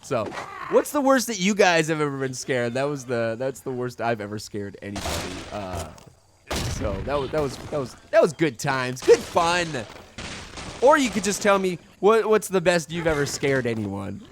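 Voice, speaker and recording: A man's voice: on the high side, very animated, normal speed, slight background noise. A man telling a story in casual let's-play commentary, rambling with many fillers. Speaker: video game commentator.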